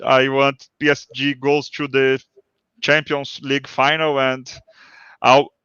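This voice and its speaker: A man from Brazil with a Brazilian Portuguese accent, speaking halting non-native English as a guest on a podcast interview. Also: medium pitch, monotone, sharp tone, clean tone, no echo, dull audio. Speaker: guest, poker player. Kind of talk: casual interview talk.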